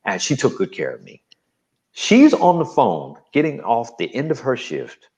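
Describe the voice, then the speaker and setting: A man's voice: medium pitch, normal speed. A man from New Jersey, a guest giving an emphatic personal testimony in an interview. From New Jersey, USA. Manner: animated, emphatic storytelling.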